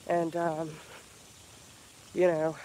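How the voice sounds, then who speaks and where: Guy preaching self-love on his vlog, kinda high voice, swears a lot, faint hiss behind. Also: completely flat delivery, warm tone, rough recording. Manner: earnest, profane, slow emphatic repetition. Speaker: spiritual healer vlogger. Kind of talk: casual motivational vlog.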